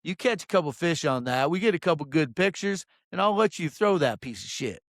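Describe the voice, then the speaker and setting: Man doing a condescending fishing guide, put-on accent, raised pitch, louder, dry close sound. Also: lively intonation, fairly quick, no room sound. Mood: scolding. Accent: put-on exaggerated accent. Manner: condescending, profane, drawling "son". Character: blustering male fishing guide lecturing a client.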